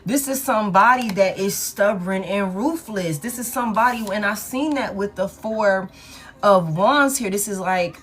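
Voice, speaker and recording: Woman tarot reader, mid pitch, blunt and cussing, questions the cards aloud and repeats herself for emphasis. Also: moderate pace, fairly bright tone, faint music behind. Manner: talks to the cards and repeats her points. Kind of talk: collective love tarot reading.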